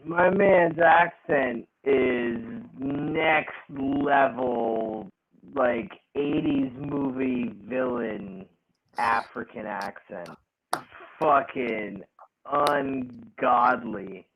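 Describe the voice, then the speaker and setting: Podcast co-host, male, gravelly and husky, slow and profane, tinny phone-line audio. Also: medium pitch, slight background noise. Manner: profane, animated, laughing rants. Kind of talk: casual wrestling chat.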